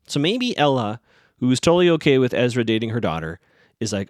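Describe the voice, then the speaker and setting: A man's voice: mid-range voice, big pitch swings, fast talker, no echo, clean studio sound. A man hosting a podcast, recapping a TV episode in a rambling, sarcastic, amused way. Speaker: podcast host.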